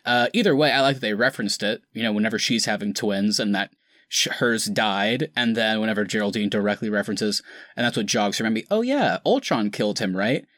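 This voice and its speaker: Chatty low-voiced podcast host. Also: male voice, steady tone, fast, a bit bright, dry recording, studio quality. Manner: chatty, many "kind of" fillers. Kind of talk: casual chat.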